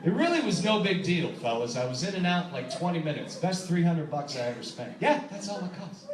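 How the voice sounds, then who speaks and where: Animated male stand-up in an echoey club. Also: on the high side, a little fast, recorded from a distance, a crowd in the background. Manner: animated storytelling, acts out voices, laughs at own jokes. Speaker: stand-up comedian. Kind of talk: stand-up comedy set. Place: comedy club stage. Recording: echoey club recording, audience laughter. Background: audience laughing.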